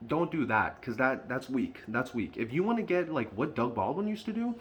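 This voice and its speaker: A man's voice: mid-range voice, sing-song, moderate pace, a bit bright, muffled recording, slight background noise. A man talking straight to camera in an unscripted fan vlog, frustrated and emphatic, often repeating his points. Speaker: sports fan vlogger.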